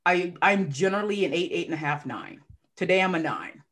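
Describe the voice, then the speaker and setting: A woman's voice: on the low side, fairly quick. A woman life coach, a podcast guest, telling her story with feeling and acting out what people said. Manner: emotional, animated storyteller who acts out quotes. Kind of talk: casual podcast interview.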